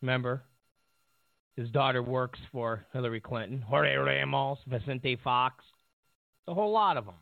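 A man's voice: mid-range voice, normal speed, vocal fry, no echo. A male talk show host giving sarcastic political commentary, rambling with lots of fillers. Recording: tinny phone-like line.

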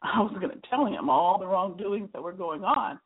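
A woman author reading aloud from her own memoir in an earnest, measured storytelling manner, with a husky voice. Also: mid-range voice, lively intonation. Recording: tinny phone-like sound.

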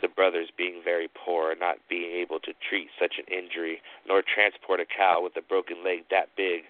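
A man hosting a show, narrating a spooky story with slow, dramatic pauses. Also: low voice, little pitch movement. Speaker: storyteller host. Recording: tinny phone-like line.

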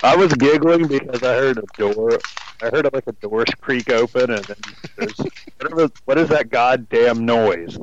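A man's voice: mid-range voice, moderate pace, highs cut off, a little hiss or hum. A man co-hosting a casual podcast, giggly and swearing casually. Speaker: podcast co-host.

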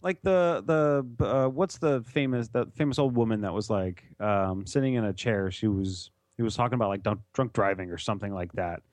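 A man's voice: on the low side, expressive, fairly quick, few pauses, a little mellow, no echo. A man co-hosting a podcast in casual chat, retelling things in a laid-back, blunt way. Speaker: podcast co-host.

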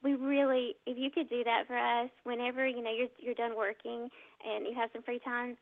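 A woman's voice: a little high, little pitch movement, normal speed, dry recording. A woman co-hosting a casual chat, affirming and laughing easily. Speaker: co-host. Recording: phone-like audio.

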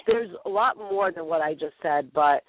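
A woman's voice: deep voice, normal speed. A woman with a Boston accent hosting a call-in interview, chatty and teasing. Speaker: radio show host. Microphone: phone. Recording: tinny phone line.

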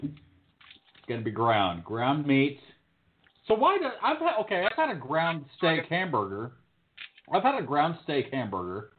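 A man co-hosting a podcast, swearing freely and getting excitable in casual banter. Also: fairly high pitch, unhurried, pauses often, a little hiss or hum. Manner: profane, excitable. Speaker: podcast co-host. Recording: phone-like lo-fi audio.

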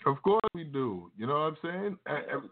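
A man's voice: fairly high pitch, sing-song, normal speed, noisy background. A man hosting a casual live radio show, talking in laid-back street slang with lots of fillers. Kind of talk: casual talk radio chat. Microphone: Facebook live stream. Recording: tinny phone-like line.

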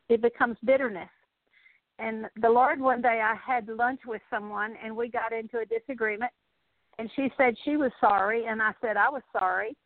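A woman's voice: on the high side, no room sound. A woman preaching a sermon, earnestly retelling scripture in her own words and sharing personal stories. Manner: earnest storytelling, paraphrasing scripture. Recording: tinny phone-like radio broadcast.

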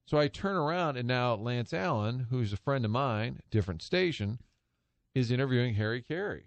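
A man's voice: mid-range voice, lively intonation, moderate pace, no room sound. A man hosting a sports talk radio show, telling a long anecdote in a chatty way and laughing at his own story. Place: radio studio.

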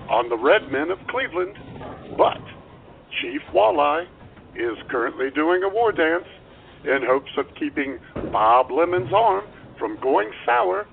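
A man putting on a corny, excitable old-time radio sportscaster in a spoof vintage broadcast. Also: creaky, heavily acted. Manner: hammy announcer delivery with big pitch swings. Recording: tinny phone-like sound with faint noise.

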